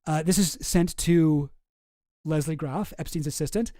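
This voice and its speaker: A man's voice: on the high side, brisk, a little mellow, dry recording, studio quality. A man hosting a casual commentary show, reading emails aloud with chuckling asides. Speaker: host.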